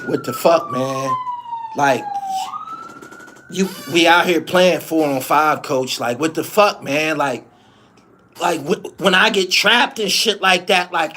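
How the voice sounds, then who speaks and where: A man's voice: sits high, fairly bright tone. A man hosting his own channel, delivering a heated, profane sports rant full of slang and repeated lines. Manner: heated, rapid-fire, repetitive rant with heavy slang. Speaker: host. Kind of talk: profane ranting sports commentary.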